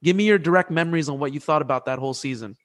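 A man hosting a casual sports podcast, his voice sitting a little higher than most men's. He tells stories excitedly and keeps stopping to restart his sentences. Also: rapid-fire. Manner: animated, excitable storyteller who restarts sentences. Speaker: podcast host. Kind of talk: casual sports chat and storytelling.

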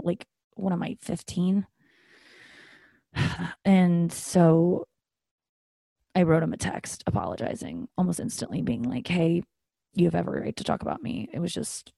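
A woman's voice: lowish voice, vocal fry, warm tone, husky, no room sound. Candid, profane young woman podcaster. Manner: chatty, candid and profane, acting out family dialogue. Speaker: podcast host. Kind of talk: casual solo podcast storytelling.

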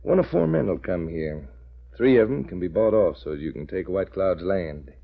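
An actor playing a sly, crooked Indian agent with a raspy, drawn-out delivery, in 1940s radio acting. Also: male voice, sits low, lively intonation, exaggerated voice. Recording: dull lo-fi old radio recording.

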